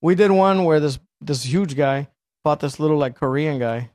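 A middle-aged man in casual chat, telling a profane, animated story and acting out what people said. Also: fairly high pitch, moderate pace, no echo, studio quality.

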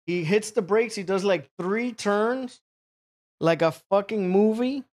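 A young man telling a rambling, profane story in casual chat, full of fillers and animated asides. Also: sits high, measured pace.

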